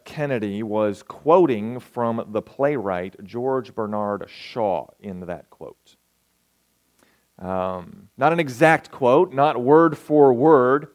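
A male pastor preaching a sermon in a conversational, storytelling way, asking his listeners questions. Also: mid-range voice.

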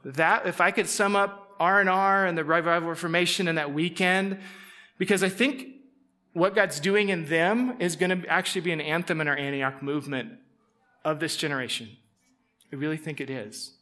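A man's voice: a little high, moderate pace, bright, forceful tone. A man preaching a conversational sermon to a live gathering, joking with the audience and acting out people's inner thoughts. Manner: conversational, jokes with the audience, acts out inner voices. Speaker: pastor.

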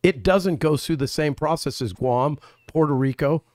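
A man's voice: fairly high pitch, normal speed, darkish tone, dry recording, studio quality. Emphatic man telling political anecdotes. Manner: emphatic storyteller, quotes others in anecdotes. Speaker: Senate candidate, guest. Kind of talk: casual political chat.

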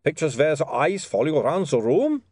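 A touchy, excitable vampire photographer, as a male reader puts him on speaks loudly and sarcastically, far higher than the reader's own voice. The storybook delivery is dry and close, with a pitch that leaps about. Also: normal speed, no room sound. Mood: sarcastic.

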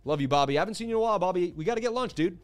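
Male livestream host, around forty, slightly high voice, hyped and chatty, faint music underneath. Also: lively intonation, rapid-fire, clean tone. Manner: hyped, chatty, reads viewer chats. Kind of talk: casual livestream chat.

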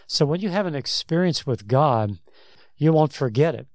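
A man's voice: fairly high pitch, animated, moderate pace, a little mellow, no echo. A man co-hosting a Christian talk show, telling stories in a rambling way that restarts and repeats words. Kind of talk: casual faith discussion, storytelling.

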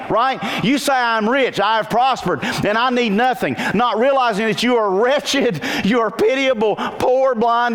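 A male pastor preaching a sermon, questioning his listeners often and slowing down to stretch quoted lines in a singsong voice. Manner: animated, singsong quoting with big pitch jumps and slowed emphasis; asks the congregation frequent questions. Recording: long reverb and faint noise in a hall.

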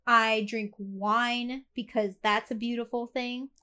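A woman with a bright, forceful voice pitched a little high chats candidly on a podcast, laughing easily. She has the hiccups. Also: fairly even intonation, slow pace, clean tone. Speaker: podcast co-host. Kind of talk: casual podcast chat.

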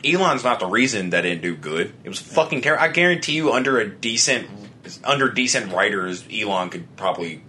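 A man's voice: on the low side, sing-song, fast talker, few pauses, pushed and bright, a little hiss or hum. A man co-hosting a podcast in casual chat, blunt and profane, often laughing. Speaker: podcast co-host.

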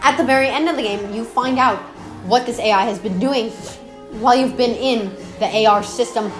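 A woman's voice: on the high side, normal speed. A young woman chatting casually about game lore, rambling, laughing and swearing in slang. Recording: roomy echo with music behind. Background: clear music.

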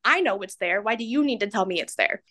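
A woman's voice: mid-range voice, expressive, quick pace, bright, forceful tone. A woman in her twenties, a podcast guest telling personal stories in a chatty, self-mocking way and laughing often. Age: 20s. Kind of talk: candid personal storytelling.

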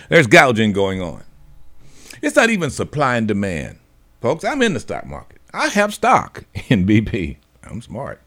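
A male radio host in the middle of an opinionated monologue, his pitch swinging up and down with lively energy. He talks in a folksy, preachy way and drops little laughs between his points. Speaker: radio talk show host.

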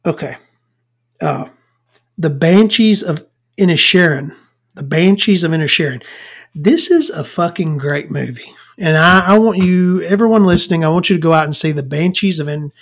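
A woman's voice: deep voice, expressive, moderate pace. A woman hosts her podcast in a loose, rambling monologue. She swears freely and stumbles over words as she goes. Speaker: podcast host.

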